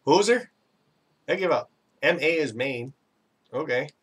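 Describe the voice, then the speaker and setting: A man's voice: medium pitch, normal speed, a bit bright, slightly rough, recorded from a distance. Chatty Canadian man a bit off-mic. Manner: chatty and rambling, self-teasing, laughs often. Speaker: live stream host. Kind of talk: casual live chat reading viewer comments.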